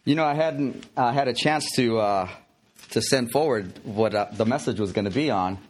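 A man's voice: medium pitch, moderate pace, soft background music. A man preaching a conversational, playful sermon as pastor, full of fillers and restarts.

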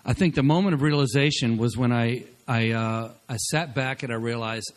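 A male pastor preaches energetically, urging his congregation on as he swings between loud bursts and quiet asides. His voice is mid-range, and he speaks at a moderate pace.

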